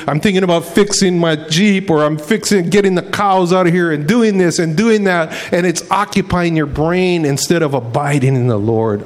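A man preaching in a relaxed, conversational way, spinning everyday stories into a lesson. His voice sits high for a man, and he colors his quotes with playful voices. He tosses in "man" like he's chatting with friends. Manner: animated, acts out quotes in voices; folksy, says "man" often. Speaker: pastor. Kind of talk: casual storytelling sermon.

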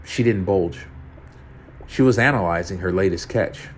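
A man's voice: low-pitched, a little slow, pauses often, slight background noise. A man narrating a first-person horror story, tense and profane.

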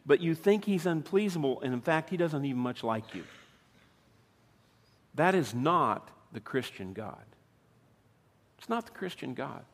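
Fifty-something man preaching in a reverberant hall. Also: fairly high pitch. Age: 50s. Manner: conversational preaching with rhetorical questions. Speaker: pastor. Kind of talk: sermon.

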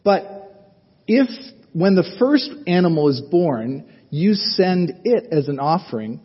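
A man's voice: on the high side, lively intonation, unhurried, husky. A man preaching a sermon in an earnest, conversational way, asking his listeners questions as he goes. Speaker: pastor. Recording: muffled sound with long reverb in a hall.

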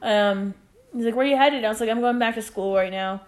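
A woman's voice: on the high side, a little fast. Chatty young woman telling stories. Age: 20s. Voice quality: chatty, peppered with "like" and acted quotes. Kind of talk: casual chat.

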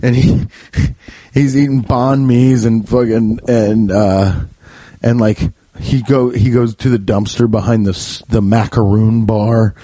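A man hosting a podcast, telling a comic story in a rambling, profane, animated way. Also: slow, dry recording. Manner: rambling, profane, animated, often jumping high. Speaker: podcast host. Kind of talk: comedic storytelling.

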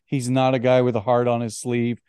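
Rich: A man co-hosting a casual film podcast, talking in a smooth, resonant voice. The sound is dry and close, with no room around it. He is animated and often stumbles and restarts his words. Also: mid-range voice, brisk, no room sound. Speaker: podcast co-host.

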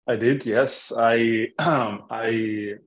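A man chats casually as a podcast guest, telling a long anecdote. His voice sits at a middling pitch, and he jokes around and often restarts his sentences. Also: steady tone, very slow. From Italy. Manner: storytelling, jokey, many restarts. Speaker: app founder, podcast guest. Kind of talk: casual chat.

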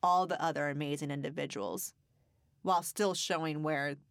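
Brief: woman podcast co-host, chatty storyteller, lower voice, dry recording. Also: fairly even intonation, normal speed, no echo. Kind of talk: casual chat.

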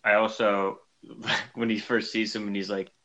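A man's voice: fairly low pitch, level tone, unhurried, gravelly, a bit bright, low-quality recording. A man co-hosting a podcast, casually chatting about a movie and acting out lines from it. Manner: easygoing, acts out quoted lines. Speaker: podcast co-host.

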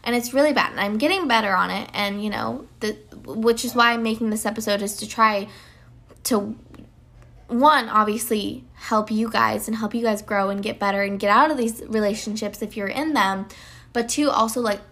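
Young female podcast host, relaxed solo chat, loose and filler-filled delivery, a touch high-pitched. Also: moderate pace. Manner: rambling, many "like" fillers and restarts. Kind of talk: casual solo podcast talk.

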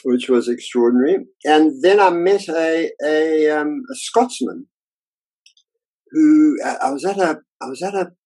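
Husky older man telling career stories. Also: on the high side, a little slow, poor audio. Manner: lively anecdotal, acts out quoted voices. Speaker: illustrator being interviewed. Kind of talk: casual interview storytelling.

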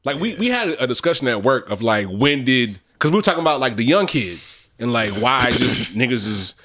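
A man co-hosting a podcast in casual chat, excitable and quick to rap along with the tracks. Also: medium pitch. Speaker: podcast co-host. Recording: loud hip hop music playing behind.

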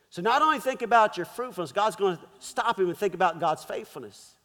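A man's voice: high voice, big pitch swings, a little fast, fairly bright tone, in a large hall. A man preaching a sermon as pastor, firing off emphatic rhetorical questions. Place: church.

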